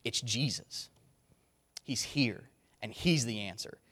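A man's voice: medium pitch, slow pace, fairly bright tone. Earnest, emphatic male preacher. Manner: earnest, emphatic, repeats key words. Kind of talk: sermon.

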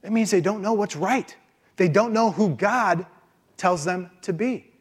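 A man preaching a sermon with an animated, emphatic delivery and frequent rhetorical questions. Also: high-pitched, unhurried, slightly rough. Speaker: pastor.

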